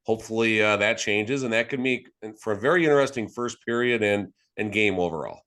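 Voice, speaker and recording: A man's voice: fairly low pitch, a little fast, a bit bright. A man co-hosting a sports podcast, talking in a rambling, joking, conversational way. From Las Vegas. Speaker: podcast co-host. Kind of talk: casual sports podcast chat.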